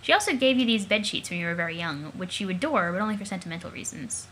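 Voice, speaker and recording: A young woman reading a webcomic aloud, excitable and giggly, swearing casually between lines. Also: mid-range voice, fast, slight background noise. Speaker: let's play narrator.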